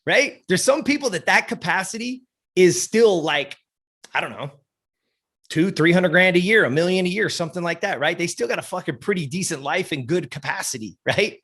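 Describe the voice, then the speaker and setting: A man's voice: sits high, lively intonation, normal speed, fairly bright tone, husky. A man giving a blunt, profane motivational talk as a podcast guest. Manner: blunt, intense, swears often.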